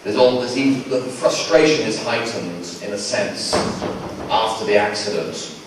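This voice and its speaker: A man from England answering questions at a fan convention, wry and rambling, full of restarts. His voice is low. It is picked up from a distance in a very echoey, noisy hall. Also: expressive, normal speed. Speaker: guest actor at a fan convention Q&A.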